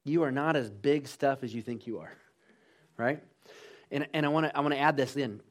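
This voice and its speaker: A man preaching a sermon, calling out to the congregation in a lively, engaged way. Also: mid-range voice, moderate pace. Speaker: pastor.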